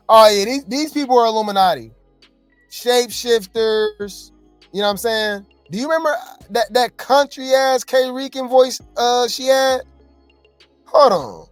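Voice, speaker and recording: A woman hosts casual reality-TV gossip commentary, chatty and skeptical as she talks straight to her viewers. Her pitch swings widely from line to line. The sound is dry and close, with nothing of the room in it. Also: lively intonation, measured pace, no echo, soft background music.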